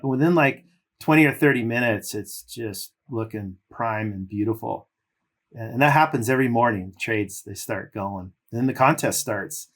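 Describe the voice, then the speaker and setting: A middle-aged former pro surfer from California, with a mid-range voice at normal speed, tells long stories as a podcast guest. He's relaxed and rambling, full of loose fillers.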